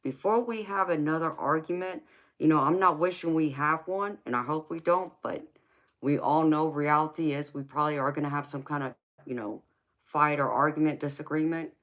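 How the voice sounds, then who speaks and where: A woman's voice: deep voice, normal speed. Middle-aged woman, live-stream host, emphatic and passionate, affectionate to chat. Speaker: tarot reader and live streamer.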